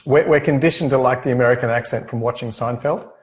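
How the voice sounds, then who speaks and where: Man, interview host, chatty, curious, mid pitch. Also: quick pace. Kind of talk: interview conversation.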